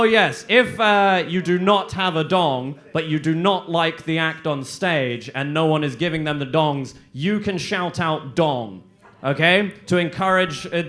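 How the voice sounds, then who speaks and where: A man hosting a live comedy show, explaining the rules to the crowd with loud, swearing banter. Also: fairly high pitch. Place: comedy venue stage.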